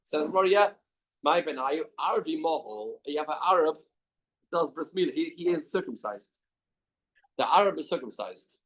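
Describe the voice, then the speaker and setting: Man, somewhat high voice, Talmud teacher, reads text then explains, asks questions, study hall. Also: lively intonation, normal speed, fairly bright tone.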